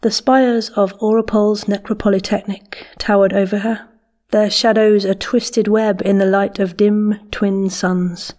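A woman reading dark fantasy narration in a measured, steady way. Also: medium pitch.

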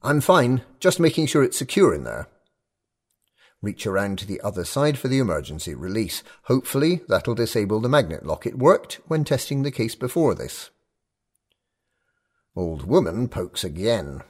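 A man's voice: fairly low pitch, big pitch swings, normal speed, slightly rough. A man narrating a first-person audio story in clipped, tense fragments.

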